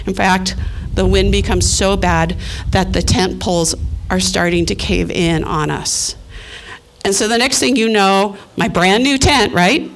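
A woman's voice: medium pitch, lively intonation, normal speed, fairly bright tone. A middle-aged woman telling a personal story, acting out her own thoughts and the voices of others.

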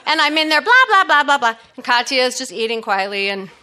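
A woman's voice: sits high, lively intonation, fast talker, pushed and bright, smooth. A middle-aged woman telling a personal story in a chatty way, laughing often and using lots of fillers.

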